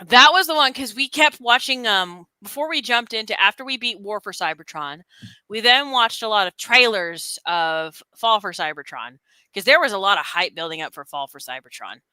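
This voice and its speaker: This woman co-hosts a casual stream, chatting about games with plenty of laughter and playfully quoting lines in put-on voices. Her medium-pitched voice moves at normal speed with a clear, resonant tone and giggly, animated energy. The recording is rough but has no echo.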